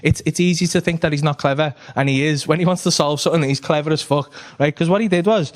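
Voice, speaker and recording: A stand-up comedian with a fairly high voice tells a long, rambling story on a club stage. He swears freely and keeps checking in with the audience by asking "right?" as he goes. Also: fast.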